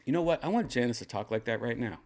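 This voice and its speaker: A man's voice: medium pitch, animated, fast talker, a little mellow. An older man hosting a casual show from his home, rambling and joking crudely. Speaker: host. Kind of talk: casual chat. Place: second-floor home room.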